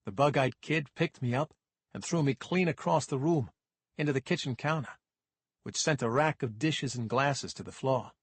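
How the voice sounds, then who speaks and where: A man's voice: mid-range voice, normal speed, husky, no echo. A man narrating a first-person crime audiobook in a dry, wry manner.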